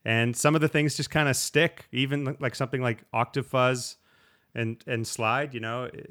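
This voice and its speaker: A man's voice: mid-range voice, normal speed. A man, a slide guitarist, talking casually in an interview, rambling a little and often restarting his sentences. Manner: relaxed, rambling, with frequent restarts and acted-out quotes.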